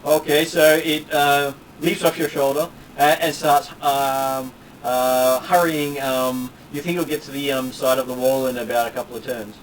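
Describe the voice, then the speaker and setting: A man's voice: mid-range voice, fairly even intonation, moderate pace, distant mic, a little hiss or hum, rough recording. A man narrating a tabletop game as game master, rambling along with many fillers.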